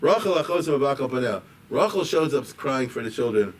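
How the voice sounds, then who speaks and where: A rabbi explaining a liturgical poem to a class in a conversational way, with frequent asides and chuckles. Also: male voice, mid-range voice, expressive, brisk. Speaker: rabbi and teacher. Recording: distant mic with faint background noise.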